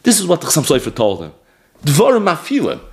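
High-voiced man teaching a lively Torah class. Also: fast talker. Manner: animated storytelling with chuckles, lively pitch swings. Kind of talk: lecture on rabbinic responsa.

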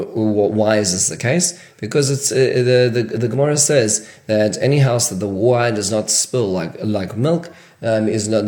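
A man with a fairly low voice works through a Jewish law lesson question by question, stumbling and restarting as he explains. The sound has a noticeable echo from the room around him. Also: darkish tone. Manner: question-and-answer delivery with frequent restarts and fillers. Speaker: rabbi teaching Jewish law. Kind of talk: Q&A-style halachic lesson.

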